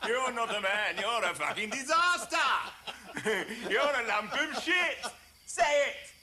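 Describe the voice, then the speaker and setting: A man's voice: mid-range voice, big pitch swings, a little slow, pushed and bright, a little hiss or hum. An actor playing a wealthy dinner host who mocks his guests in a sardonic rant. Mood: taunting. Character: scornful wealthy male host, bullying and sarcastic. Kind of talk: film drama acting.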